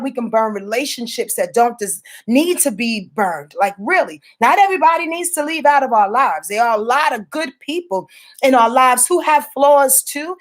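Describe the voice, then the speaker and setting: A woman giving a weekly astrology rundown in a casual, rambling, profane manner, full of playful asides. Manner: rambling, profane, animated, with playful asides and sudden pitch jumps. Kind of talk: casual spoken forecast.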